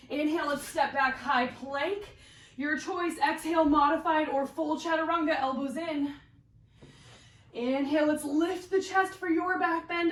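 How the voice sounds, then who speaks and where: High-voiced woman leading a yoga class. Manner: encouraging cues, slightly out of breath while practicing. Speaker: yoga teacher. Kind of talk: guided yoga class instruction. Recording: roomy echo, voice from a distance.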